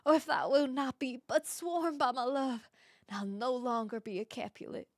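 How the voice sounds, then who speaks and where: A woman voicing a young Southern belle in a rushed, hushed, sing-song mock Southern accent. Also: high-pitched, no echo, clean studio sound, close to an everyday voice. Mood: swooning. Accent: mock American Southern. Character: young Southern belle swooning over her lover.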